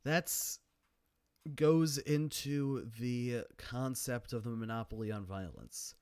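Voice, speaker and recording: Brief: casual sardonic male commentator, middling pitch, very dry close sound. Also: measured pace, dark tone, smooth, no room sound. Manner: casual, sardonic, many fillers. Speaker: video commentator.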